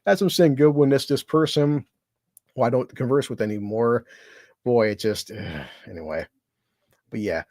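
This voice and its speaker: A man's voice: medium pitch, moderate pace, long pauses, darkish tone, no echo, studio quality. A man hosting his own livestream, talking in a loose, profane, rambling way and laughing often. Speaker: streamer. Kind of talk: casual livestream chat.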